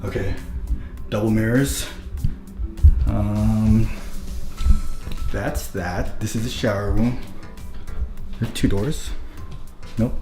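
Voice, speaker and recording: Hushed low-key man on a house tour. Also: steady tone, takes it slowly, long pauses. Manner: hushed, low-key, trying to stay quiet. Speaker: vlogger giving a house tour. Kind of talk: casual vlog tour. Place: inside a rental house. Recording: roomy indoor sound with background music.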